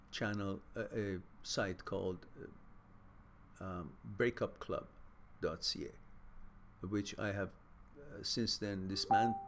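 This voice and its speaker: A man's voice: fairly low pitch, a bit bright, slight background noise. A man hosting a live Q&A stream, talking casually and loosely, with frequent restarts. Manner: loose, rambling, with many fillers and restarts. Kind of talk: casual live-stream chat, reading viewer comments.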